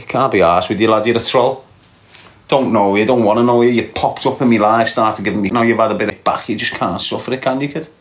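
A man with a Liverpool Scouse accent hosting a livestream, reading viewer comments aloud and mocking them with banter and frequent laughs. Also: mid-range voice. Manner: mocking banter, laughs often, talks back to chat. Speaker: livestream host.

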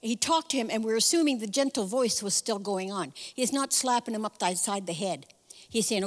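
A woman preacher with a fairly high voice tells the story in a relaxed, conversational sermon. She gives the people in the story their own voices. Her words carry a long reverb, as in a church hall. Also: normal speed.

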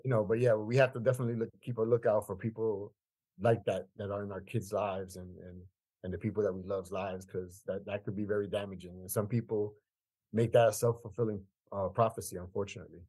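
A man's voice: fairly low pitch, fairly even intonation, a little fast, mellow, slightly rough. A man in his fifties, from Queens, telling a personal story as a podcast guest in an emphatic way, repeating phrases for weight. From Queens, New York. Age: 50s. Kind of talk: conversational storytelling.

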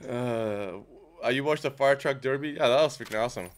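A man chatting casually while playing a shooter game, excitable and prone to yelps and cheers. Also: medium pitch, brisk. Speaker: gamer.

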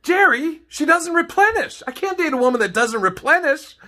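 A whiny, nagging man scolds in a shrill, mocking register, as a man puts him on. The voice sits very high and sounds squeaky and strained. The scolding comes out in a sing-song, exaggerated way. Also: lively intonation, moderate pace, bright, forceful tone, exaggerated voice.

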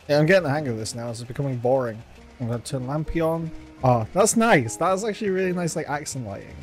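A man narrating his own gameplay, jumping between nervous muttering and loud threats at the characters. He swears freely and keeps up a constant stream of talk to himself. Faint music plays underneath. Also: medium pitch, quick pace. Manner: jumpy, swears often, talks to himself and to game characters. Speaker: gaming video host. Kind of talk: let's play commentary.

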